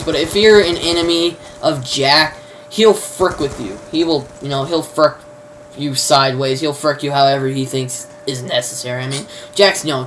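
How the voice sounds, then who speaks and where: A man's voice: a little high, bright, forceful tone, a little hiss or hum, low-quality recording. Rambling casual male show reviewer. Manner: rambling, heavy use of "you know" fillers; informal, mild swearing substitutes. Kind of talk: casual spoken recap.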